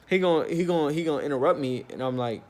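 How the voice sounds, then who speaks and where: A young man telling a story from his life in a loose, slangy, profane way, with frequent "like" and "bro". He gets animated, and his pitch jumps when he is riled up. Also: fairly quick. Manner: animated, with bursts of rising pitch when worked up. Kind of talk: storytime vlog, casual chat.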